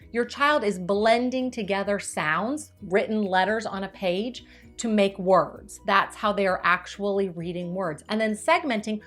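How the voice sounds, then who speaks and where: A woman explains early reading skills to parents in a clear, upbeat teacherly voice. She slows right down to stretch and sound out words as she demonstrates. Quiet music plays faintly underneath. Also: medium pitch. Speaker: teacher giving tips to parents. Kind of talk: instructional video.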